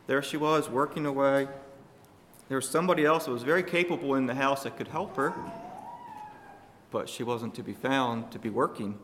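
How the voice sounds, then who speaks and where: A man preaching a sermon to his congregation, speaking emphatically and shifting his loudness for emphasis. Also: mid-range voice, normal speed, pauses often, long reverb tail, a little hiss or hum.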